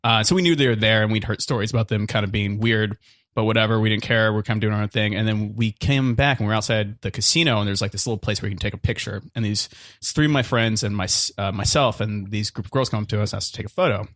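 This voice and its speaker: A man's voice: on the low side, quick pace, fairly bright tone, dry recording, studio quality. A young man telling a true story on a comedy podcast, in a rambling way, full of "like" and "uh" and laughing as he goes. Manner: rambling, lots of "like" and "uh" fillers, laughs while telling.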